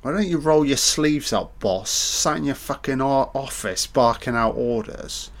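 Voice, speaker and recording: A man's voice: medium pitch, a little slow. A man giving a casual audio commentary on a film, chatty, joking and swearing a lot.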